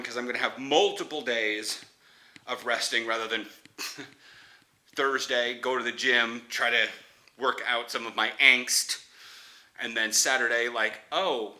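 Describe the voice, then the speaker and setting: Young man, bright tense voice, rambling casual vlog chat, frequent laughs. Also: medium pitch. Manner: chatty, laughs often, restarts sentences. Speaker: football player vlogger.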